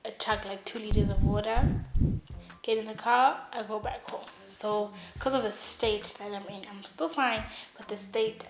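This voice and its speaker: A young woman vlogger telling a funny story in a casual, animated way, acting out everyone's lines. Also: mid-range voice. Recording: roomy echo.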